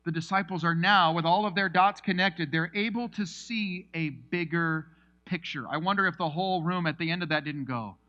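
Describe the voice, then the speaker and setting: Casting: bright, high-voiced male pastor, lively storyteller, slightly dull recording. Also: normal speed. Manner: animated storytelling, acts out scenes. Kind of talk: sermon.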